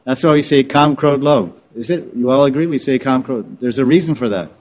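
A man's voice: medium pitch, brisk, a little mellow. A man teaching scripture informally, repeating and restarting words as he explains terms. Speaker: spiritual teacher.

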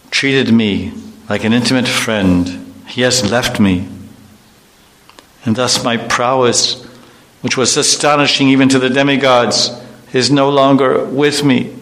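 A man's voice: medium pitch, a bit bright. A man voicing a grieving warrior prince who mourns his lost friend, reciting his lament in an earnest, mournful way for a devotional story.

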